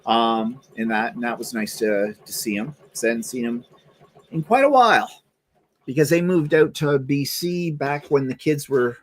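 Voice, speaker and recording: Telling stories in casual chat, this middle-aged livestream host from Canada speaks at medium pitch and a moderate pace. He's animated, acting out the voices of anyone he quotes.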